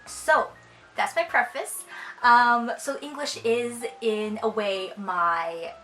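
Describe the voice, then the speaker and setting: A woman's voice: a little high, slow pace, pushed and bright, faint music behind, rough recording. A young woman from China with a Canadian accent and Cantonese as her first language, chatting casually as a vlogger and reading words out one at a time. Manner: chatty, reads a word list one word at a time. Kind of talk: casual chat.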